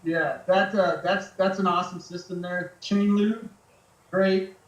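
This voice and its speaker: Laid-back veteran guest, high male voice, loose and profane, echoey room. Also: fairly even intonation, measured pace, muffled recording. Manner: laid-back, swears freely, many fillers. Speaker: podcast guest, military veteran. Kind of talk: casual storytelling chat.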